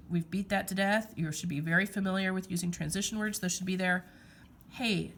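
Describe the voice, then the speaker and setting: A woman's voice: lowish voice, fairly bright tone, a little hiss or hum. Teacher woman giving direct instructions. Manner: direct, repeats okay, emphatic instructions. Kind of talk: classroom writing lesson.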